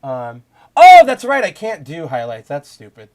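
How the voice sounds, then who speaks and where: A man's voice: on the high side, wildly swooping pitch, moderate pace, a little mellow. A young man hosting a podcast, talking in rambling casual commentary with many restarts and heated bursts of profanity. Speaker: podcast host.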